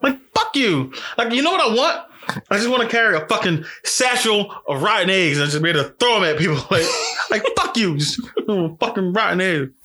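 A man's voice: high voice, fairly quick. A man telling a story in casual chat, angry and profane, his voice jumping up when he acts out what he said. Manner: animated, voice jumps up for quoted outbursts.

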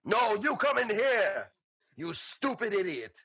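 A man voicing a boastful, hot-tempered barbarian warrior who speaks broken English, refers to himself in the third person and shouts his threats slowly. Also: sits high, sing-song, breathy edge, voice pushed up, exaggerated voice. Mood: bellowing.

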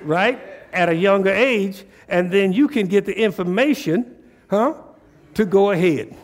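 A man's voice: high-pitched, unhurried, big-room sound. A man preaching a sermon in a church, asking rhetorical questions and drawing call-and-response, in casual dialect. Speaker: pastor.

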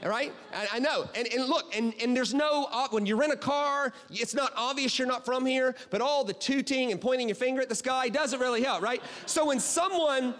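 A man preaching in a high, bright voice, with the long reverb of a large hall trailing behind him. He speaks in an animated, chatty way to his congregation and keeps asking "right?" and "okay?". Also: normal speed, hardly any pauses. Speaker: pastor. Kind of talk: sermon. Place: church auditorium.

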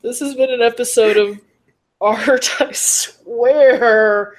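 A woman's voice: a little high, steady tone, takes it slowly. A woman from Texas co-hosting a podcast, joking and rambling in casual chat. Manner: joking, rambling, self-deprecating. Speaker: podcast co-host.

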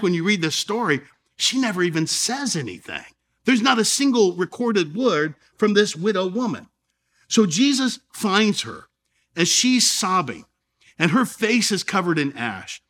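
A male pastor delivers a sermon in a slightly higher than average voice. He speaks earnestly, drawing out key phrases with pauses and swinging between soft, low moments and louder emphasis. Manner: earnest preaching with dramatic pauses and shifts in volume.

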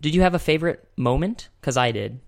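A man's voice: on the high side, lively intonation, quick pace, vocal fry. A young man hosting a podcast, talking casually into a desk microphone, rambling and chuckling often. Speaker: podcast host. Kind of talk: casual chat.

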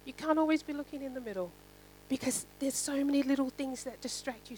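A woman's voice: a little high, a little hiss or hum, low-quality recording. Woman giving a chatty sermon. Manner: conversational, asks "right?" often, some fillers. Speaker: preacher.

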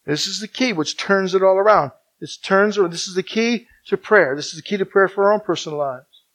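Male preacher with a high, bright voice, dynamic delivery from loud emphasis to hushed near-whispers. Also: a little fast, poor audio. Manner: emphatic repetition. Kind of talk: sermon.

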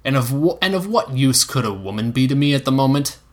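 A man's voice: mid-range voice, lively intonation, fast talker, natural voice. A man doing Dunk, a stern weary knight. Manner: stern, clipped. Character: stern, weary young knight, gruff and dutiful.

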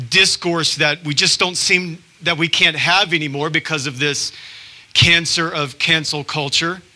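A man's voice: a little high, sharp tone. A man preaching a sermon as pastor, telling stories in a conversational, self-deprecating way and acting out quotes.

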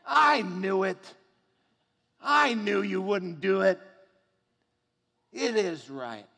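A bitter, stubborn prophet argues his case with an indignant, whining insistence, as a male preacher acts him out. The voice sits high and carries a long hall reverb behind it. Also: very animated, takes it slowly, fairly bright tone, exaggerated voice.

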